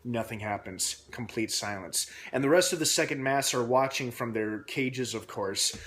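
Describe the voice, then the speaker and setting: A man's voice: mid-range voice, moderate pace, fairly bright tone. Rambling male TV recap vlogger. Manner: rambling, with many fillers. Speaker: TV episode reviewer. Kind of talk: casual recap vlog.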